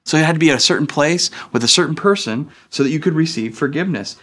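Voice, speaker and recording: A man in his thirties preaching a sermon as a pastor in a church, speaking in a relaxed, conversational way with frequent fillers like "uh" and "like.". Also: on the high side, fast talker. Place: church stage.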